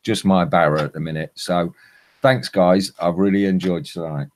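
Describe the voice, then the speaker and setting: An older man with a lowish voice, from Lincolnshire, talking casually on a podcast. He wanders through his stories, restarting sentences as he goes. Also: fairly even intonation, moderate pace. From Lincolnshire, England. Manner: chatty, rambling storyteller with many restarts. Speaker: former podcast host, guest. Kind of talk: casual chat.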